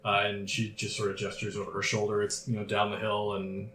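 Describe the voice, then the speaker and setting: A man narrating a tabletop game as game master, explaining in a relaxed way. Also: fairly low pitch, fairly quick. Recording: roomy echo, faint noise.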